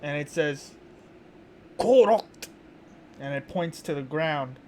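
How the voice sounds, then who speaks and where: A man narrating slowly and deliberately as game master of a tabletop game. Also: fairly high pitch, fairly even intonation, slight background noise.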